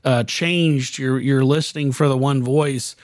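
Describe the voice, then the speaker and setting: A man in casual conversation, earnest and a bit halting, repeating words while he gathers his thoughts. His pitch is ordinary. The recording is dry and close. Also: steady tone, dry recording. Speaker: podcast co-host. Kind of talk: casual chat.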